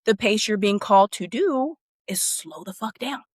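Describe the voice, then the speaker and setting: A woman's voice: medium pitch, expressive, normal speed, breathy edge, no room sound. Woman, thirties, candid interview guest, emphatic, casual swearing, dry close sound. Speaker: podcast guest, former teacher and coach.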